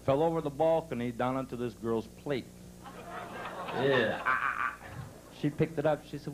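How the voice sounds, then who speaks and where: A man doing a brash, punchy stand-up comedy set at a resort club, telling jokes and bursting into loud outbursts. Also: medium pitch, moderate pace, pauses often, noisy background. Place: resort club stage before a live audience.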